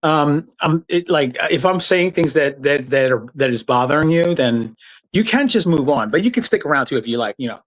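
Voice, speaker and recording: A man's voice: on the high side, expressive, normal speed, low-quality recording. A man giving sarcastic, profane political commentary on a live stream.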